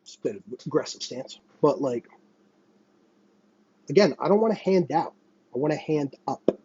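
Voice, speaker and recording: A man's voice: on the high side, lively intonation, moderate pace, warm tone, slightly rough, muffled recording. A young man hosting a solo podcast, ranting in a heated, sarcastic and profane way. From United States. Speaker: podcast host.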